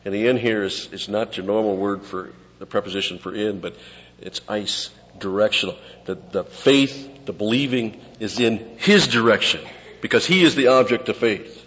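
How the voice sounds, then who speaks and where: A man preaching an expository sermon, teaching conversationally and dropping to quiet asides between points. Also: fairly low pitch, normal speed. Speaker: pastor. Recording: lo-fi with long hall reverb.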